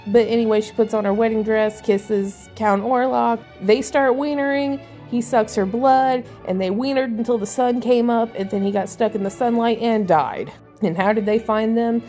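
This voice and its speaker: A woman's voice: on the high side, steady tone, moderate pace, mellow, faint music behind. A woman giving a casual spoiler-filled movie recap in a crude, sarcastic, irreverent way. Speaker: movie reviewer.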